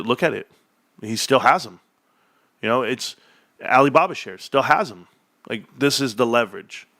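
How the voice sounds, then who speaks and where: A man hosting a casual livestream, reading chat aloud and joking, with sudden loud, high-pitched bursts. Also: no echo, clean studio sound. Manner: animated, jokey, swings into loud high bursts.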